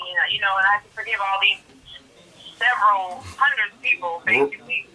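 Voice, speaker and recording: Bright-voiced woman on a distant phone line. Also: medium pitch, brisk, slightly rough. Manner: animated, exclaims, repeats herself. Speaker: guest giving testimony. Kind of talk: emotional first-person retelling.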